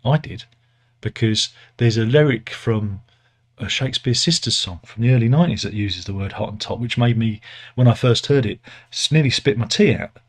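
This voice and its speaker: A British man giving a casual, sardonic satirical news monologue, rambling and often correcting himself, with many pauses and fillers. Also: mid-range voice.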